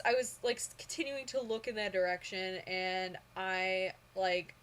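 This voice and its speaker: A young woman chats straight to camera, telling her story in a loose, rambling way. She gushes and gets excitable, and her speech is full of fillers. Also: mid-range voice. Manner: excitable, gushing, lots of fillers. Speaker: vlogger. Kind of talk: casual storytelling vlog.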